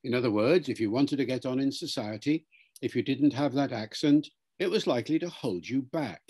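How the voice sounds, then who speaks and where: A man answering interview questions as a language expert, in a measured, lecturing way. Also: mid-range voice, darkish tone, slightly rough.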